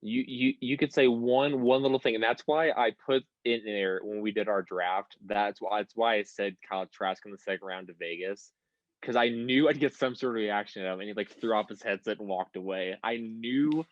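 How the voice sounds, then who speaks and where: A man's voice: on the low side, steady tone, normal speed, no room sound, dull audio. A young American man telling stories on a podcast, rambling and swearing freely. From United States. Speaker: podcast guest. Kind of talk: casual podcast chat.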